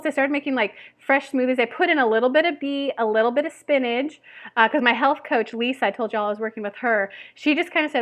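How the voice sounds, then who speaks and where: A young woman vlogging to camera in a chatty, bubbly way. Her voice sits a little high, and she jokes at her own expense, with plenty of ums and likes. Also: quick pace, fairly bright tone. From Tennessee. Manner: bubbly, chatty, self-deprecating with frequent laughs and fillers. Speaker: weight loss vlogger. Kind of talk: casual chat to camera.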